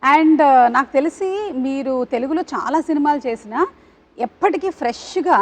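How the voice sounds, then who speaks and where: A woman's voice: high voice, animated. A woman TV anchor hosting an entertainment interview, chirpy and constantly switching between languages. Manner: rapid, chirpy, mixes Telugu and English.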